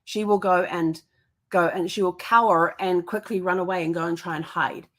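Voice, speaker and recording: A woman's voice: lowish voice, steady tone, normal speed. A woman hosting a live-streamed podcast from her home, telling stories in a chatty, upbeat way into a webcam mic. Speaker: podcast host. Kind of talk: casual live-streamed monologue. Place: indoors at home.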